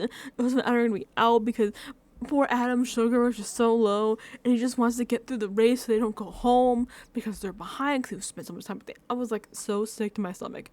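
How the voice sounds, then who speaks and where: A young woman recaps a reality show from a room at home, close to a desk mic, with no room sound on the recording. Her voice is a little high and fast, and she rambles in excited bursts, often restarting and swearing casually.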